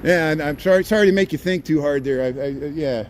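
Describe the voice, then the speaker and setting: A man's voice: on the high side, quick pace, a little mellow. Male streamer on a walking tour, sarcastic rambler, phone mic outdoors. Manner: chatty, sarcastic stream-of-consciousness rants. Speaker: livestream host. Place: outdoors on city streets. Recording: faint street noise.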